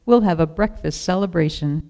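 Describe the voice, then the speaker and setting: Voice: medium pitch, normal speed, lightly acted. A storyteller voicing a tired, kindly male shepherd in a children's story. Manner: gentle, tired. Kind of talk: storybook reading.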